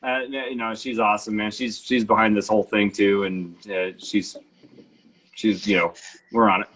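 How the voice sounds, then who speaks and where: A man's voice: lowish voice, little pitch movement, normal speed, a bit bright, husky. A man hosting a casual interview, laid-back and often saying "man". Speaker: interview host.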